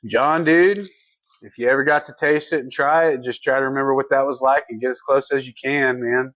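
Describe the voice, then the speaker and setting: A man's voice: medium pitch, steady tone, brisk, fairly bright tone, dry recording, dull audio. A man co-hosting a livestream, chatting casually and folksily as he reads viewer comments. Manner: laid-back, folksy, laughs easily. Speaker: livestream co-host.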